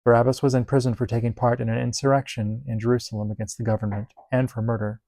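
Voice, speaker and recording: A man reading Bible passages aloud in a steady, measured delivery. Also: mid-range voice, vocal fry, no room sound. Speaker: Bible reader.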